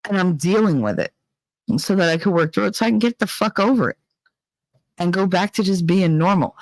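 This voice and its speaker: A man's voice: sits high, no room sound. A man hosting a casual livestream, talking bluntly and with frequent swearing as he reads the chat. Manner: blunt, profane, emotionally candid. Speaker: livestream host reading chat.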